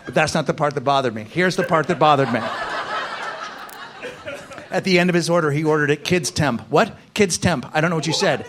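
A male stand-up comedian doing a profane, ranting set that builds to shouts. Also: fairly high pitch, a little fast, long pauses, noisy background.

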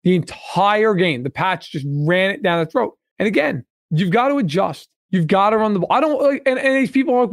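Blunt, high-pitched man ranting. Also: animated, a little fast, few pauses, dry recording, studio quality. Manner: blunt, emphatic and profane, repeating points. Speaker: podcast co-host. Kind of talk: casual sports podcast discussion.

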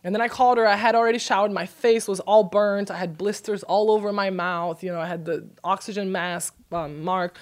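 A young woman from Brazil, a podcast guest, telling a story in casual chat, animated and laughing, acting out quotes in a high voice. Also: fairly quick, few pauses.

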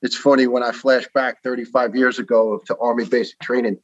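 A man in his fifties with a New York accent, a podcast guest telling stories earnestly with many pauses and uhs. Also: medium pitch, fairly even intonation, no room sound, lo-fi sound. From New York City. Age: 50s. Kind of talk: casual interview talk.

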